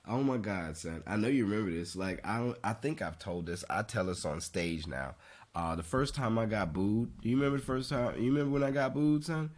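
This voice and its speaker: Man telling a loud animated story. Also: fairly low pitch, moderate pace. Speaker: podcast host. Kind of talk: casual chat.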